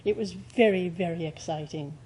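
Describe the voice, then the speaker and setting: An older actress telling stage anecdotes in an interview, with a lively, theatrical delivery. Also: female voice, on the low side, moderate pace, slight background noise, poor audio.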